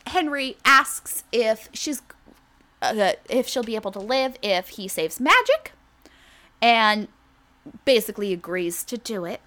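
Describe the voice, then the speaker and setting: A woman co-hosting a comedy podcast, recapping a TV episode in casual chat with a sarcastic edge and quick acted-out character lines. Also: a little high, animated, sharp tone.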